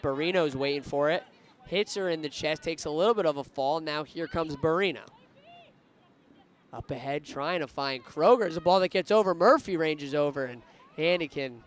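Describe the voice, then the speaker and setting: A man's voice: a little high, a little hiss or hum. A man giving live play-by-play commentary on a women's soccer match, lifting his voice when attacks build. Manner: rising excitement on attacking plays.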